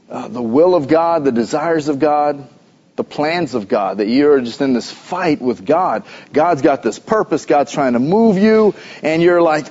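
A pastor giving a sermon in a conversational, playful preaching manner, recorded in a church sanctuary. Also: male voice, on the high side, darkish tone. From United States. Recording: dull lo-fi church recording with long reverb.

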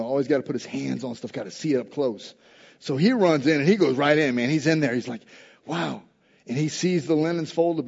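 A male pastor preaching a sermon, telling the story in a lively, humorous way and acting out the people in it. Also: medium pitch, breathy edge. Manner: animated storytelling, acting out quoted lines with humor. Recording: echoey hall, dull lo-fi sound.

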